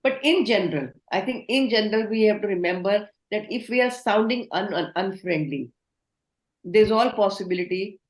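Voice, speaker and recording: A woman's voice: mid-range voice, normal speed. A woman giving an online training lecture, instructive and asking the class questions. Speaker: communication trainer. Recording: roomy echo.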